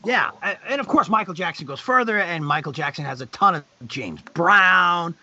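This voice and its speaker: Animated husky man with lively pitch. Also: normal speed. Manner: animated anecdotes with loud high-pitched acted quotes. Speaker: guest on a charity live stream. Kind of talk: casual chat, storytelling. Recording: dull lo-fi stream audio.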